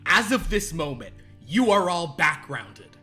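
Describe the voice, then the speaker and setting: A man's voice: normal speed, soft background music. A man voicing an arrogant, abusive male cartoon wristwatch boss who barks and brags at his workers. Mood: condescending. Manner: loud, bullying, barking sales-pitch rant.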